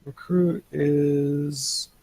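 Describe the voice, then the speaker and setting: Husky-voiced man running a tabletop game. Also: fairly high pitch, little pitch movement, extremely slow, dark tone, no echo, poor audio. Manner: hesitant, full of fillers. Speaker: game master.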